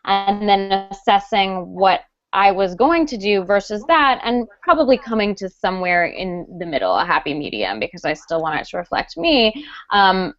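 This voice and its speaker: Woman guest, chatty, lots of ums, mid pitch, dull call audio. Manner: chatty, frequent ums, animated storytelling. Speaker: guest author. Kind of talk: casual live video chat. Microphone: video call.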